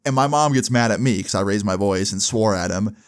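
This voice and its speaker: A man's voice: lowish voice, brisk. A young man casually telling a story to camera, exasperated and swearing freely. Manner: profane, exasperated retelling. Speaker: storytelling vlogger.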